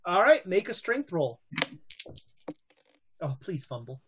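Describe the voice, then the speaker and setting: A woman's voice: on the low side, sing-song, takes it slowly, fairly bright tone, slightly rough. A woman narrating a tabletop game as game master, hesitant and full of fillers.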